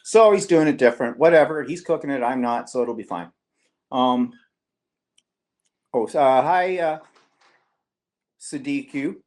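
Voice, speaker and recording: A man's voice: mid-range voice, animated, a little slow, pauses often, a little mellow. A middle-aged Canadian man hosting a live-stream vlog, chatting and teasing in a rambling way. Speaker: vlog host.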